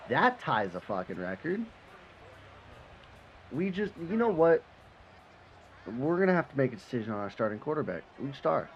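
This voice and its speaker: Animated young man commenting on gameplay. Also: medium pitch, moderate pace, pauses often. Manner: animated, swears, swings from frustration to excitement. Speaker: gaming commentator. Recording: slightly dull sound, faint background noise.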